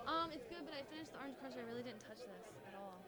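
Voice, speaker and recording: A woman's voice: sits high, animated, very fast, sharp tone, a faint crowd. A woman co-hosting a podcast, playful and giggly in casual chat. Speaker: podcast co-host.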